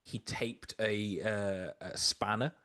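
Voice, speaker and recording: A man with a lowish voice tells anecdotes on a podcast. He slips into quoted voices as he goes. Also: steady tone, takes it slowly, pushed and bright. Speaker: podcast co-host. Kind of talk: casual storytelling chat.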